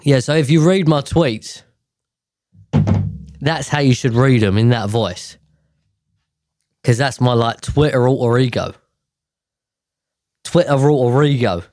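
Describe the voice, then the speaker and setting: A man's voice: mid-range voice, darkish tone, no echo. Guy rambling on his own show, chatty, keeps correcting himself, dry close mic. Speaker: host. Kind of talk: casual monologue.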